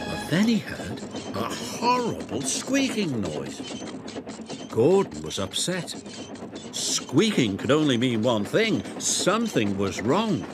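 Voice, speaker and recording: A man narrating a children's railway story in a slow, expressive reading. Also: mid-range voice. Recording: loud background music.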